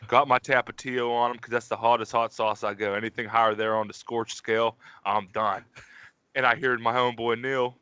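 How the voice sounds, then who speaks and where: A brisk, flat-toned talker with a bright, forceful, smooth mid-range voice co-hosts a podcast out of Pittsburgh, USA. He tells winding stories full of profanity in easygoing chat, calling everyone "dude." There's no echo.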